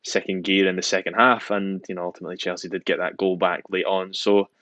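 A man with a very deep voice co-hosts a casual football chat. He hesitates often, filling gaps with ums and repeats. His voice sounds dry and close to the mic. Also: flat delivery, quick pace, pushed and bright, no room sound, highs cut off. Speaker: podcast co-host.

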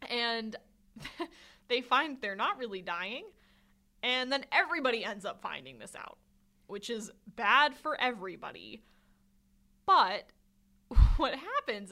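A woman co-hosts a podcast in an easy, chatty way, laughing often as she walks through a film's scenes. Her voice is bright and fairly high, and her pitch moves a lot. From Swedish. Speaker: podcast co-host. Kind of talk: casual film discussion.

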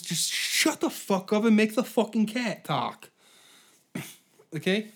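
A man's voice: high-pitched, measured pace. A man hosting his own podcast delivers a comedic solo rant. He swears heavily, rambles from riff to riff and laughs at his own jokes. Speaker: podcast host.

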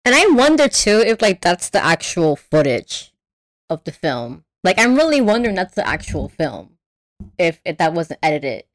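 A woman's voice: on the low side, very animated, moderate pace, no echo, studio quality. A woman in casual chat, retelling a film plot with lots of energy, acting out the characters' lines and swearing freely.

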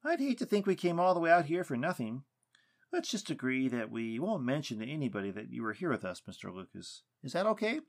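A man putting on a raised, halting investigator voice. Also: mid-range voice, very animated, voice pushed up. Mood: polite. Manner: polite, hesitant with fillers. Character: earnest adult male investigator, hesitant.

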